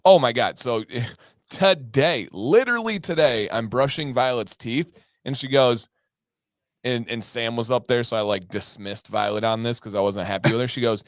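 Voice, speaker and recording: A man hosting a casual livestream, upbeat and animated, telling stories and laughing often. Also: mid-range voice, normal speed, dry recording, clean studio sound. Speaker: livestream host.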